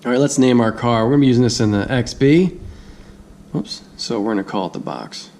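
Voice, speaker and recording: A man's voice: medium pitch, brisk, darkish tone, slight background noise. A man giving a casual hands-on product review, chatty, thinking aloud and laughing easily.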